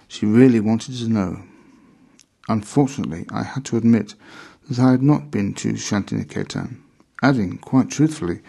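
A man reading a memoir aloud in measured, deliberate scripted narration. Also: lowish voice, mellow.

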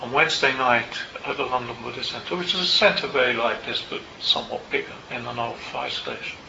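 An older man, a meditation teacher, tells a personal story to a group in a Buddhist centre, in a reflective and unhurried way with small asides. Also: medium pitch, gravelly, background noise. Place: Buddhist centre meeting room. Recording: roomy, slightly dull hall recording.

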